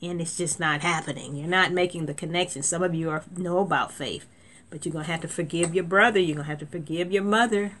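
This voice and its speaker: A woman's voice: on the low side, fast, a bit bright, slight background noise. A woman preaching a sermon in a conversational way, with restarts and sudden emphatic lifts.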